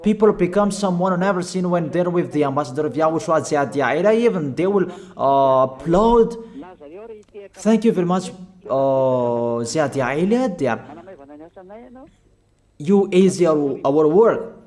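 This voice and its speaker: Male preacher, slightly high-pitched, deliberate unhurried delivery, emphatic and repetitive sermon style. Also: expressive, darkish tone. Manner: slow, halting phrasing with fillers.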